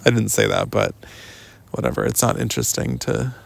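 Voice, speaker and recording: A young adult podcast host telling a long personal story outdoors in a rambling, casual way, full of "like" and "um". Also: male voice, fairly low pitch, steady tone, fairly quick, vocal fry, no echo. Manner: rambling, lots of "like" and "um", mimics others in quotes. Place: outdoors walking in the woods.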